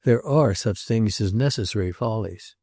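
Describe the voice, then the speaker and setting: A man's voice: lowish voice, moderate pace, no room sound, clean studio sound. A man voicing an impulsive, bitter young male sculptor in a read novel, speaking curtly and defiantly. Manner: sharp, defiant, curt.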